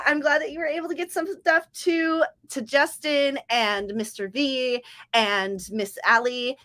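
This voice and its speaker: A woman's voice: on the high side, pushed and bright. A young woman from Southern California hosting a writing-sprint livestream, chatting loosely with viewers, rambling and correcting herself as she goes. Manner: rambling, self-correcting, talks to chat by name. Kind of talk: casual livestream chat to viewers.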